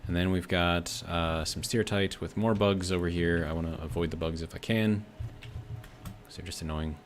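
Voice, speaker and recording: Steady in tone and speaking at normal speed, this low-voiced American streamer thinks aloud about the game he's playing, reads out chat messages, and rambles with lots of filler words. A little hiss or hum sits underneath.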